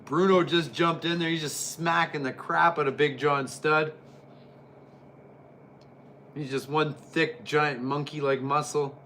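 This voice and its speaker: A man's voice: on the high side, a little hiss or hum. A man giving casual, jokey play-by-play commentary while reviewing an old wrestling match. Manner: excitable, jokey, chatty.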